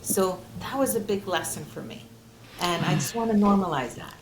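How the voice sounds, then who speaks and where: A woman's voice: lowish voice, expressive, moderate pace, noisy background. Earnest woman in an echoey room. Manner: earnest, heartfelt, with frequent fillers and restarts. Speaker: guest clinical social worker. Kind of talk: conversational interview. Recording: roomy echo.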